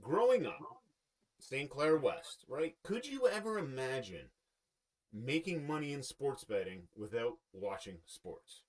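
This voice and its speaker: A man's voice: medium pitch, expressive, a little slow, darkish tone. A man hosting a podcast in casual chat, rambling and joking as he loses his train of thought. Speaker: podcast host.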